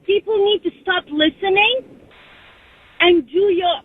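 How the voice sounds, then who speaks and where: A woman's voice: extremely high pitch, unhurried. A woman calling in to a radio show, ranting bluntly and indignantly. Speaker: caller. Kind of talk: call-in radio rant. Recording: phone line.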